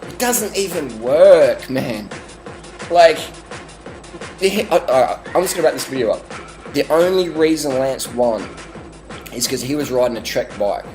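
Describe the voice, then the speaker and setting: An Australian man vlogging a rambling, deadpan sarcastic rant, swearing now and then. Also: medium pitch, unhurried, long pauses, faint music behind.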